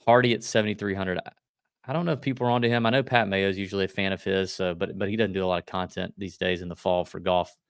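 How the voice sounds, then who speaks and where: A man with a low, gravelly voice co-hosts a golf betting show. He talks quickly and loosely and cracks jokes. The sound is dry and close, with no room around it. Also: steady tone, no echo. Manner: quick, loose, joking delivery. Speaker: podcast co-host. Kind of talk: casual golf betting chat.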